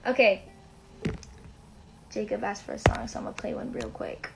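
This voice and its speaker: A woman's voice: medium pitch, moderate pace, gravelly, loud music behind the voice. A young woman hosting a casual livestream, chatting to viewers, reading out their comments and answering them. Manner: chatty and relaxed between songs, singing to ukulele. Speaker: livestream host and singer. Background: her own ukulele playing.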